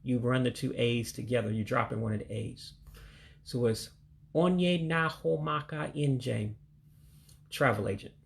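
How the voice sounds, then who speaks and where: Man, gravelly voice, casual language lesson, slow careful repetition of words. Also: mid-range voice, level tone. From United States. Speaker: language learner teaching vocabulary. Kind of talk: casual vocabulary lesson, livestream.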